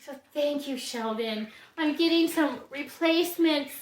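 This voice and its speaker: A woman's voice: high voice, unhurried, noisy background. Gushing woman with a roomy echo. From Ohio. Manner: gushing, laughs often, exclaims and gasps. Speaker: orchid grower and vlogger. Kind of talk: casual unboxing chat.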